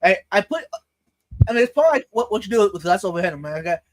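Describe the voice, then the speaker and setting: A man hosting a live stream, chatting casually, stumbling over words and laughing a lot. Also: high voice. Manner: lively, halting, laughs a lot.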